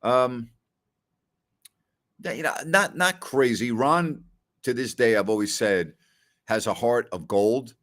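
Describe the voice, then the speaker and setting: A man's voice: mid-range voice, slow, long pauses, a bit bright. A middle-aged man hosting a casual live question-and-answer show, talking loosely with many "you know" and "I mean" asides. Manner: conversational storyteller, frequent "you know" and "I mean". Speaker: podcast host.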